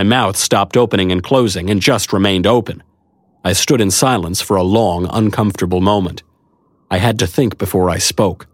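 A deep-voiced narrator speaks at a normal speed in this first-person audiobook reading. His style is wry and chatty, and the close studio mic yields a dry recording.

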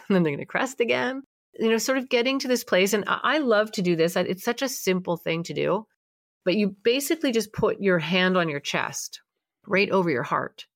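A woman co-hosting a podcast, talking in a reassuring, animated way about feelings and often acting out the voices she quotes. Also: medium pitch, dry recording, clean studio sound. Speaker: podcast co-host. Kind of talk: casual podcast chat.

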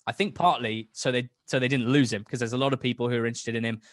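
Talking fast in a steady, mid-range voice, the young football podcast guest chats casually and with enthusiasm. The recording is studio quality without room sound, and he rambles, restarting sentences frequently.

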